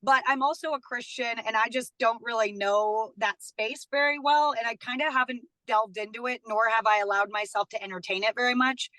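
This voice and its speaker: A woman's voice: on the high side, fairly even intonation, fairly quick, few pauses, bright, forceful tone, dry recording, rough recording. A woman in her thirties, a studio guest, chatting casually and laughing often as she tells personal stories. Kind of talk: casual chat.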